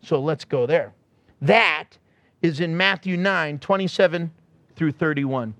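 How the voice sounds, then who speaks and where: A man preaching a sermon in a church, animated and joking, acting out the people he describes. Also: fairly high pitch, a little slow, no room sound. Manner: animated, acts out quotes, joking. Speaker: pastor.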